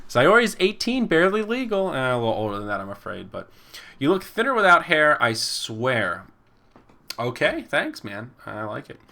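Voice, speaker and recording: A man's voice: medium pitch, huge pitch swings, moderate pace, creaky, sharp tone. A man in his twenties hosting a casual podcast, rambling and chuckling as he reads viewer comments and acts out the people he quotes. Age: 20s. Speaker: podcast host and esports caster. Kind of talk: casual chat reading live chat.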